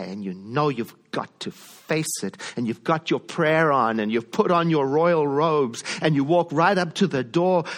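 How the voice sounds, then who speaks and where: A male minister preaching a sermon in an animated storytelling way, often asking his listeners questions. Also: medium pitch.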